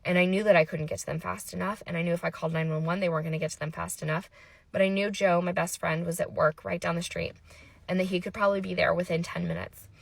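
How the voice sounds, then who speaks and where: Woman, 30s, mother doing a storytime vlog. Gravelly fry, dry close-mic sound, intense breathless delivery. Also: lowish voice, steady tone, quick pace, no room sound. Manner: intense, breathless retelling with quoted dialogue. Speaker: mother telling a personal story. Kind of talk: emotional storytime monologue.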